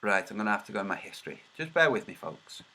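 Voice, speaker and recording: A man's voice: fairly low pitch, big pitch swings, fast talker, pushed and bright. A man hosting a casual livestream, muttering to himself while he searches and then commenting in a mocking, sarcastic way. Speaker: video host.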